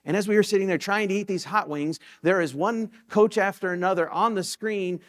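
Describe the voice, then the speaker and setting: A male pastor delivering a sermon in a church, his voice sitting a little higher than most men's. He preaches like he's chatting, weaving in stories, and circles back to repeat his main points so they land. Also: fairly quick. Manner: conversational storytelling preaching, repeats key points for emphasis. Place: church sanctuary.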